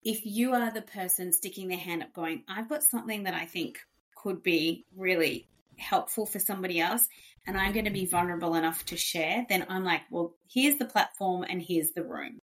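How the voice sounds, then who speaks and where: A woman's voice: on the low side, normal speed, fairly bright tone. A woman hosting a podcast in a chatty, upbeat way, full of fillers and asides. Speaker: podcast host. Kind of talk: casual chat.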